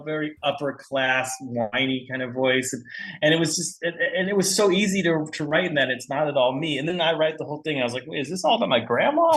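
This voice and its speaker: A man in his forties chats as a guest in a relaxed interview. He rambles through his answers, drops curse words and laughs easily, and his pitch jumps up and down a lot. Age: 40s. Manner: animated, rambling, swears freely, laughs often. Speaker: comic book writer, guest. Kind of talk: casual interview chat.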